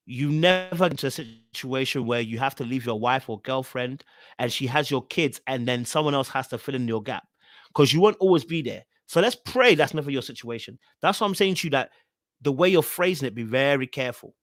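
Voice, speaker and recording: A man's voice: medium pitch, animated, brisk, no echo. A man hosting a live podcast stream in casual chat, loosely talking and reading out viewer comments.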